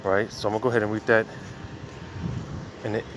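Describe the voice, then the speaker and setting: A man with a lowish voice preaches while he walks outside, a little out of breath. His delivery is loose and conversational, full of fillers and asides. Faint street and traffic noise sits behind him. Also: flat delivery, fast. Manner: casual, conversational, many fillers. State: slightly out of breath while walking. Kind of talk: informal outdoor preaching. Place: outdoors, walking by traffic.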